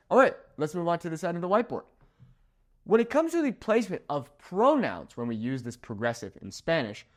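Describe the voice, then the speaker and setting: A man teaching a grammar lesson at a whiteboard, explaining step by step and checking in with "okay?" after each point. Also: fairly high pitch. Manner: animated, checks in with "okay?" often. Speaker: Spanish teacher. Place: room with a whiteboard.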